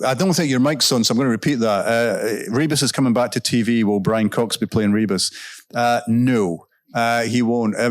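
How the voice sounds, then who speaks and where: A man, an author guest at a literary festival, telling anecdotes onstage and answering audience questions in a relaxed, chatty way with frequent ums and self-corrections. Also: mid-range voice, no room sound, clean studio sound. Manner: laughs while telling stories. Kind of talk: casual onstage storytelling and Q&A. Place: stage at a live event.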